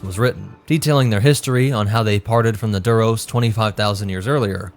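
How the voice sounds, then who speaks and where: A man hosting a lore channel, giving brisk, informative scripted narration. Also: medium pitch.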